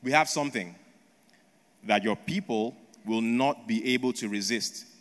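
A man's voice: medium pitch, measured pace, a bit bright, close to an everyday voice. A preacher acting out a pushy male trader of an empire, voicing him in a raised, insistent tone. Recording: long echo of a large hall.

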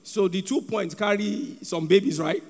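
A man's voice: high voice, normal speed. A man preaching a sermon in a church hall, with a sing-song cadence and calls for the congregation to repeat after him. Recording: long hall reverb with faint background music.

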